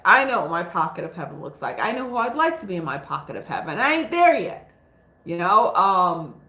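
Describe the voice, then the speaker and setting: A woman's voice: fairly low pitch, fairly bright tone. A woman hosting a spiritual livestream, talking in a rambling, frank, casual way with lots of fillers. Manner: chatty, frank, laughs easily, many fillers. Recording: echoey room.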